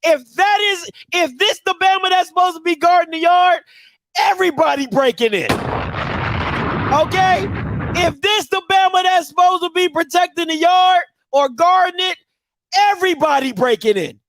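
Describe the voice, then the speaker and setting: A man hosting a live show, reacting to a clip with loud, laughing, incredulous ranting. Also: extremely high pitch, moderate pace.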